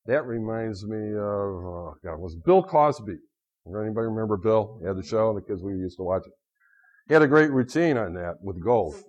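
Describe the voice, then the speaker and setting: A middle-aged man lecturing on finance to a class, telling lively anecdotes and acting out quotes, in a dull lo-fi recording. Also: on the low side, slightly rough. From United States.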